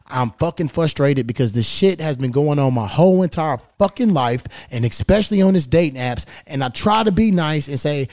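A man's voice: fairly high pitch, expressive, moderate pace, few pauses, a little mellow, dry recording. Blunt, foul-mouthed man ranting on a podcast. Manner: blunt, profane, frustrated venting. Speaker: podcast host. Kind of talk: casual podcast rant. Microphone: stand microphone.

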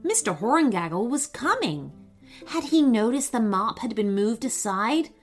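A woman narrating a children's story in an expressive, dramatic way. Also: fairly high pitch, measured pace. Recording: faint background music.

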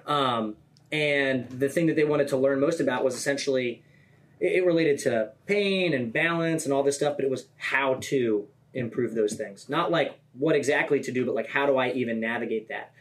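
A man's voice: medium pitch, normal speed. Male guest, mid-range voice, easygoing explainer. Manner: relaxed, filler-heavy explainer. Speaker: podcast guest. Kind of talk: casual podcast chat.

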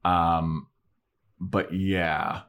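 Low-voiced young man recapping casually. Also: flat delivery, very slow, a bit bright, smooth. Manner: rambling retelling with acted-out quotes and swearing. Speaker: podcast co-host. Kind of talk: casual chat recapping an episode.

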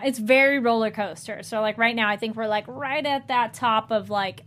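A woman's voice: fairly high pitch, moderate pace, few pauses, fairly bright tone. A woman hosting a casual after-show chat and reading a sponsor segment, with lots of fillers. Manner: chatty, with many fillers and hesitations. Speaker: host.

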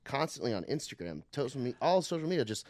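A man co-hosting a loose comedy podcast, his voice swinging widely in pitch as he riffs and acts out what other people said. He is recorded close and dry, with no room around him. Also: dry recording. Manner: animated, laughs often, quotes others in quick voices. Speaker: podcast co-host. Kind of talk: casual comedy podcast chat.

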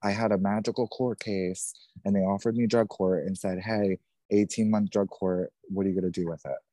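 A man in his thirties with a very low, dark voice tells a painful personal story as a podcast guest. He talks in a raw, intense way, swears freely and repeats himself. The sound is close and dry. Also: steady tone, normal speed, no room sound. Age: 30s.

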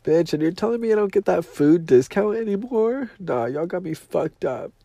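A man's voice: sits high, animated, moderate pace, creaky, dark tone, dry recording. A man hosting a podcast in a casual monologue, nasal and teary from crying, talking in a profane, dramatic and emotional way. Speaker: podcast host.

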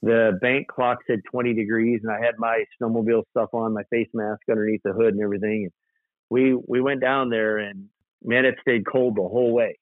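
A man's voice: mid-range voice, a little fast, no room sound. Man telling stories over a tinny line. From South Dakota. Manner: animated, rambling storyteller with fillers. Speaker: guest, custom motorcycle builder. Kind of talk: casual storytelling interview. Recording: tinny dry phone-like line.

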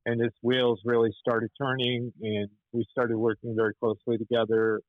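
A man's voice: mid-range voice, completely flat delivery, normal speed, no room sound. Guy rambling through old stories on a podcast, lots of restarts, muffled lo-fi sound, dry. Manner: rambling, many restarts and filler words. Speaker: animator and musician guest. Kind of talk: storytelling interview.

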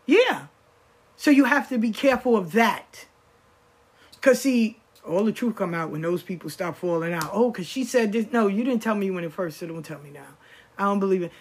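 A woman speaks in a loose, personal monologue. Her voice sits at a middle pitch. She hammers home her points and repeats phrases as she replays conversations. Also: animated, moderate pace, slightly rough. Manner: emphatic, repeats phrases, quotes people in conversation. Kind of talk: casual monologue.

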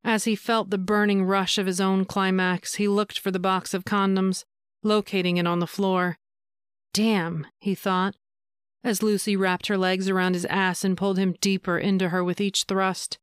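A woman reads an erotic story in a steady, measured voice. Her tone is smooth and clear, of middle pitch, recorded dry and close with no room sound. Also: no room sound. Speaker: audiobook narrator. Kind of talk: erotic audiobook narration.

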